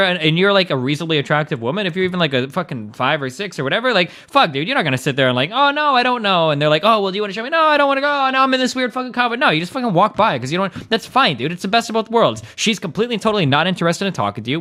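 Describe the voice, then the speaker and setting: A man's voice: high-pitched, pushed and bright. A young man streaming, ranting and arguing in a profane, heated, casual way. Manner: profane, fast, argumentative.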